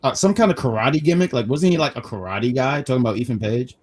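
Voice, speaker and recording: A man co-hosting a casual wrestling review stream, talking in quick restarts and reading chat comments aloud. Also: medium pitch. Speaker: wrestling review show co-host.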